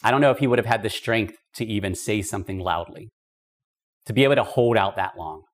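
A man's voice: fairly low pitch, fairly quick. Emphatic man teaching Bible study. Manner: emphatic, conversational, with casual asides. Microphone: podcast microphone.

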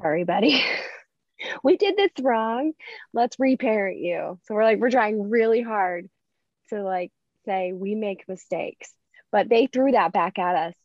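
A woman hosting a podcast in casual chat, laughing often and acting out quoted lines with big jumps in pitch. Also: lively intonation, measured pace, no room sound. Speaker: podcast host. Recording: dull dry sound.

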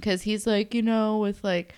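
A woman's voice: mid-range voice, flat delivery, measured pace, a little mellow, clear, resonant tone. A young woman co-hosting a podcast, gushing enthusiastically in casual recap chat. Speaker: podcast co-host.

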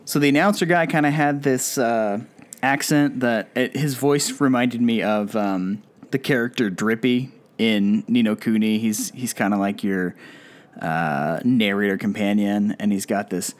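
A man's voice: on the low side, a little slow. A man co-hosting a casual talk show, laid-back and often agreeing. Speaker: podcast co-host. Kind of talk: casual chat about video games.

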